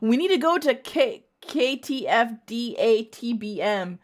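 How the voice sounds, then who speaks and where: A woman voicing a bossy young hero who urges the others on in a loud voice as she reads a story aloud. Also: a little high, expressive, a little slow. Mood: urgent.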